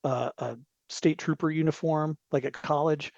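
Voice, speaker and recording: A man's voice: fairly high pitch, steady tone, normal speed, vocal fry, darkish tone, dry recording. A man talking as a podcast guest in a rambling, digressive casual chat, with frequent asides, on a dull lo-fi recording.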